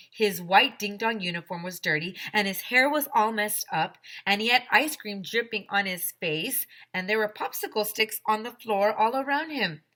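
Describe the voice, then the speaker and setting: A woman teacher reading a children's chapter book aloud, animated and full of character voices. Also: mid-range voice. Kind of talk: children's storybook read-aloud.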